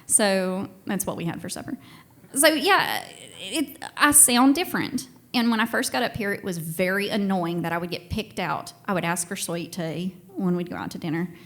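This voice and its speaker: A woman's voice: medium pitch, moderate pace. Southern woman telling a story on stage. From Tennessee and Georgia. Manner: chatty and self-deprecating, laughing often. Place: stage before a live audience.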